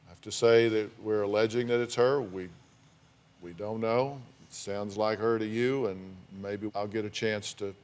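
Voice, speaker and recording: Probing talk show host. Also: male voice, on the low side, fairly even intonation, normal speed, darkish tone. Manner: probing, asks pointed yes-or-no questions. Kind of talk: daytime talk show interview.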